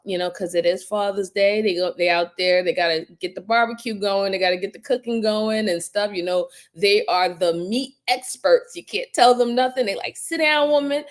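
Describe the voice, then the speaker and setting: A middle-aged woman hosting a casual livestream, giving heartfelt shout-outs to her viewers and turning emotional at times. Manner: warm shout-outs, rising to high excited greetings. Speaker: livestream host.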